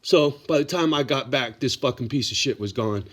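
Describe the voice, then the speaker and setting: A man's voice: mid-range voice, normal speed. A middle-aged man telling a personal story in a casual vlog, blunt and profane, getting worked up as he talks. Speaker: vlogger.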